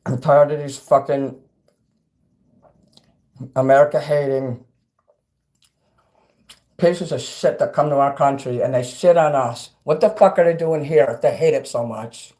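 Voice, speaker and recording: A middle-aged man livestreaming and reading chat, ranting angrily and profanely, swinging between loud outbursts and quiet asides. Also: mid-range voice, steady tone, unhurried, pauses often. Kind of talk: angry livestream rant.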